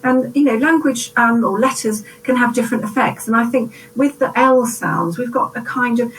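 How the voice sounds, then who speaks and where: A woman's voice: a little high, moderate pace, far from the mic, poor audio. A woman talking through a poem in a thoughtful, reflective way, often ending with tag questions. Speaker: teacher. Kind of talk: poetry analysis discussion.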